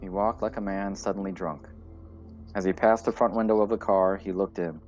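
A man narrating a story in a measured, deliberate reading style. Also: low voice, steady tone, a little mellow, lo-fi sound. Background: faint music.

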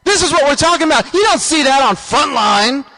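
A man's voice: very high voice, lively intonation, fairly quick, sharp tone. A man hosting a show, delivering a rambling, stammering, indignant comic rant. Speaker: radio show host. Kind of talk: comic ranting monologue.

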